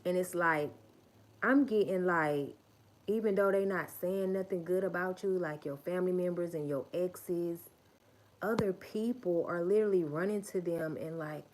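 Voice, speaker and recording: A woman's voice: lowish voice, moderate pace, darkish tone. Emphatic, profane woman livestreamer. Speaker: livestream host. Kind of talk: motivational livestream talk.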